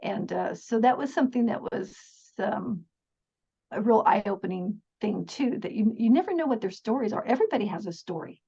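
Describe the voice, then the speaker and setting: A middle-aged woman with a slightly high, husky voice tells stories as a podcast guest. She talks earnestly and chattily, laughing often and restarting her sentences. The recording sounds dull and lo-fi. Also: animated, normal speed, dark tone. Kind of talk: casual storytelling interview.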